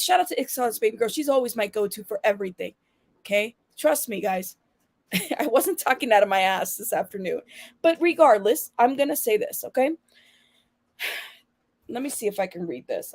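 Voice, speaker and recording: A woman's voice: a little high, a little mellow, no room sound. A woman hosting her own channel, talking bluntly and with sass straight to her viewers in casual commentary. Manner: blunt, sassy, addresses viewers directly. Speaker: channel host.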